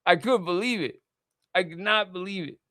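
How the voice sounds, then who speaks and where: The sound is studio quality with no room sound, carrying a man's high-pitched, bright, forceful voice at a moderate pace. As a livestream host, he reads text messages aloud and delivers a casual, indignant rant full of swearing.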